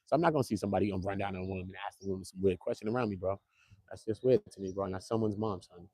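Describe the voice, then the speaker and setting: Fast-talking man hosting casual commentary. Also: sits low, husky, no echo. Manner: animated, slangy, keeps calling viewers bro. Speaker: commentary channel host.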